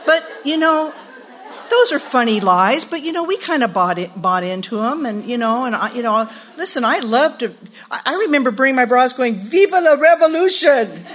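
A woman's voice: fairly high pitch, lively intonation, moderate pace, a bit bright, a faint crowd. A woman in her sixties speaking at a women's retreat, telling funny stories with laughter and then teaching scripture earnestly. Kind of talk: storytelling sermon.

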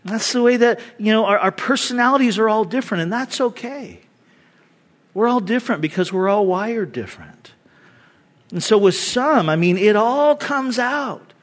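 A pastor with a high-pitched voice delivers a sermon in an easy, conversational way. He tells stories and makes asides to the congregation, and his delivery stays animated throughout. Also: moderate pace.

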